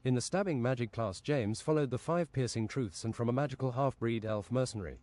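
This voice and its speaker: A man reads an absurd fantasy story aloud on a stream, keeping a deadpan, matter-of-fact delivery. His voice sits at medium pitch, he talks a little fast, and there is no echo.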